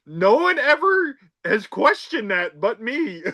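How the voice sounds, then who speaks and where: A man's voice: very high-pitched, very animated, slow pace, creaky, sharp tone. A man hosting a casual podcast about a film, talking emphatically and tossing out rhetorical asides. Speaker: podcast host.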